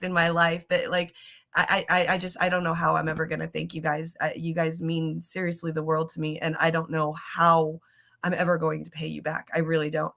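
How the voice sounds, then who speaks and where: Bright-voiced emotional woman host. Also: lowish voice. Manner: emotional, rambling, stumbles and repeats words. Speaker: show host. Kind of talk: casual emotional livestream chat.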